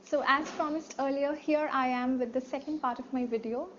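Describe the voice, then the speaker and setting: A woman's voice: sits high, steady tone, normal speed, fairly bright tone, dull audio, slight background noise. A woman teaching a lesson on a poem, explaining each point step by step, repeating key words and asking rhetorical questions. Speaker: literature teacher. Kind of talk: poetry analysis lesson.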